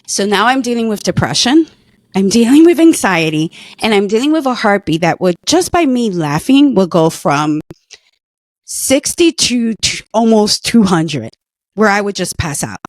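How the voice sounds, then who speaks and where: A woman's voice: medium pitch, sing-song, moderate pace, no room sound, studio quality. Earnest woman telling her story. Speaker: guest, former patient. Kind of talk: personal story in conversation.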